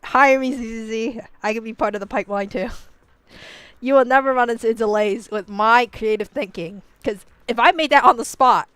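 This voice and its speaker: Young woman streamer, loose playful ramble, laughs a lot, light profanity, smooth tone, dry close mic. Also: a little high, moderate pace, a bit bright, no room sound. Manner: rambling, laughs often, heavy "like" and "you know" fillers. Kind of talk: casual rambling commentary.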